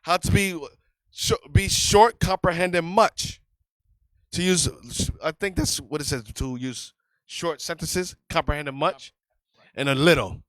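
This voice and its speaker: A man's voice: on the high side, a little slow, fairly bright tone, no echo, rough recording. A man teaching a religious class in an emphatic, conversational sermon style, often repeating his key phrases.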